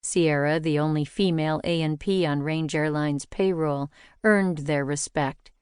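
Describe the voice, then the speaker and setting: Low-voiced woman reading a mystery novel. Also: darkish tone, smooth, no room sound, clean studio sound. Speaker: audiobook narrator. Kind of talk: scripted narration.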